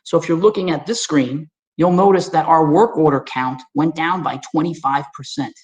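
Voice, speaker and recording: He's from Staten Island, has a New York accent, and presents webinar slides with energetic, folksy, conversational flair, speaking right to his viewers. His pitch is fairly high and his pace moderate, with muffled recording quality.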